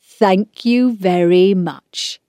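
A woman voicing a proud railway porter, speaking slowly and deliberately. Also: medium pitch, mellow, no echo, studio quality. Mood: grudging thanks. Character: proud, kindly working-class railway porter man.

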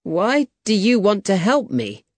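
A man voicing a reckless, hot-headed young swordsman in an audiobook, eager and quick to raise his voice. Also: sits high, big pitch swings, no echo, voice pushed up. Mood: brash. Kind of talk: audiobook character reading.

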